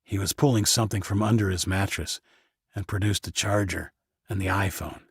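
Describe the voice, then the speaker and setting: Low husky male audiobook narrator. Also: steady tone, normal speed, no echo, clean studio sound. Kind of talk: first-person audiobook narration.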